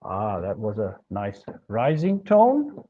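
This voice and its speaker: A man's voice: lowish voice, wildly swooping pitch, slow. Man lecturing, muffled recording. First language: German. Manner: methodical, explaining with worked examples. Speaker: linguistics lecturer. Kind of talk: university lecture.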